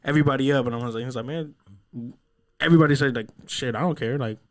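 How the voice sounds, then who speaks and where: Young guy hosting a podcast, rambly and swears a lot, does little voices when he quotes people, regular pitch. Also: racing. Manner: rambling storyteller, heavy cursing, acts out voices in quotes. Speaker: podcast host. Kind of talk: casual podcast chat.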